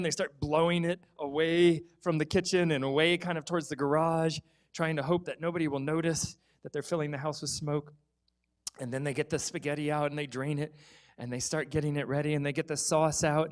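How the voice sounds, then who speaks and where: A man telling a children's story in a church service, animated and lively, acting out the kids' voices. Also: a little high.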